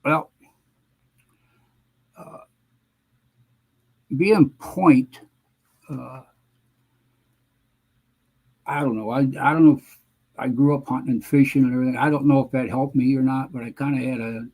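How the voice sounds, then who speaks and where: A man in his seventies, a guest veteran, answering interview questions in a halting, measured way with frequent pauses. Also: medium pitch, fairly even intonation, darkish tone, breathy edge, low-quality recording. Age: 70s. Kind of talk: conversational interview reminiscing.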